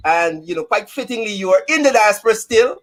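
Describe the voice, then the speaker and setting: A man's voice: high voice, animated, fairly quick, a bit bright. A man hosting a casual live-stream talk show, chatting and greeting viewers by name.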